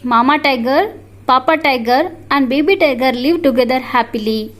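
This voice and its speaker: A woman with an Indian English accent reading a short text aloud to children in a steady, deliberate voice. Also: high-pitched. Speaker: reader of the lesson.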